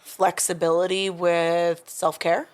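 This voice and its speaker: A woman's voice: on the low side, level tone, takes it slowly. A woman in her thirties talking casually as a podcast guest, hesitant and searching for words with many restarts. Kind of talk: casual recovery-group conversation.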